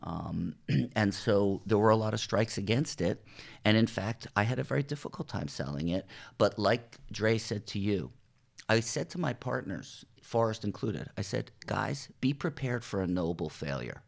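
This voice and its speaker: Low gravelly-voiced man telling stories. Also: moderate pace. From New Jersey, USA. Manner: animated storyteller acting out quoted dialogue, swears casually. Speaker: television writer and showrunner, podcast guest. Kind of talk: conversational interview storytelling.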